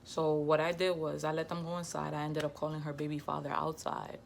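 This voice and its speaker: A woman's voice: sits low, monotone, fairly quick, vocal fry, noisy background. A young adult woman vlogger telling a personal story in a candid, emphatic way, full of slang. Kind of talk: storytime vlog.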